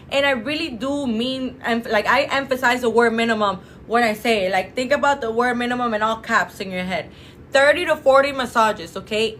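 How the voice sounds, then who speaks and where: Bright high-voiced chatty woman. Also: a little hiss or hum. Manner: chatty, emphatic, many fillers, addresses viewers as you guys. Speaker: clinic representative. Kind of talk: casual promotional talk to camera.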